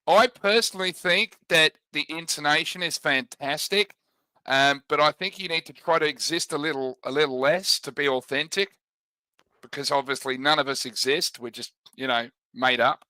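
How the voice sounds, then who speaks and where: A man with a slightly high, bright and forceful voice jokes in a dry, deadpan way through casual chat. He calls people mate. The sound is close and dry, with no room echo. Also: normal speed.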